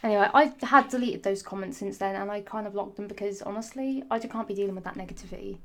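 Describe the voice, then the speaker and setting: A woman's voice: mid-range voice, quick pace, a bit bright. Young girl ranting on her vlog, sassy and sarcastic, swears a lot, rambles off topic. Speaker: vlogger. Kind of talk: ranting casual monologue.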